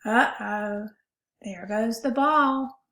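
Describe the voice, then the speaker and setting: A woman voicing a cheerful little girl looking for her puppy in a storybook, reading slowly in a sing-song way. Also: fairly high pitch, a bit bright, full character voice. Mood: calling, cheerful. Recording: roomy echo.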